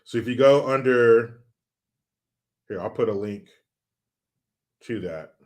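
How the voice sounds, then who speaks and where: A man's voice: mid-range voice, takes it slowly. A middle-aged man hosting a casual livestream, reading viewer comments in a loose, joking, sometimes profane way. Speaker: livestream host.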